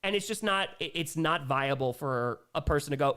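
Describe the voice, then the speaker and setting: A man's voice: mid-range voice, brisk, fairly bright tone. A young man hosting a casual livestream Q&A, reading viewer messages aloud and reacting emphatically. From New York. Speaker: livestream host.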